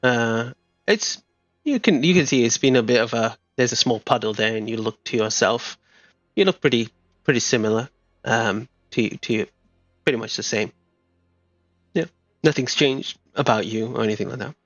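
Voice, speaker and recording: A man narrating a tabletop game as game master, speaking haltingly with many fillers and restarts. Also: mid-range voice, fairly bright tone, no room sound. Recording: muffled lo-fi mic, faint music.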